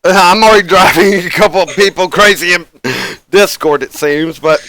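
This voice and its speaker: A man's voice: sits high, moderate pace, pushed and bright. A man hosting a live tabletop game stream, chatting casually and rambling with frequent chuckles and fillers. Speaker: game master and stream host.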